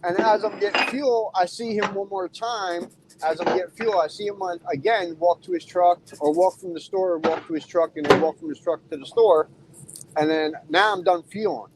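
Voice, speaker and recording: A man's voice: high voice, animated, moderate pace, noisy background. A man who drives a truck, telling a blunt, profane story in casual talk from inside his cab. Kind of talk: casual storytelling while driving.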